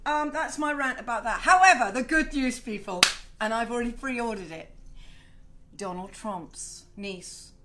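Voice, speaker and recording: A middle-aged woman hosting her own home video show, chatty and swearing freely with animated asides. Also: a little high, fairly quick, noisy background. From Wales. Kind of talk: casual home video chat. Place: home, indoors.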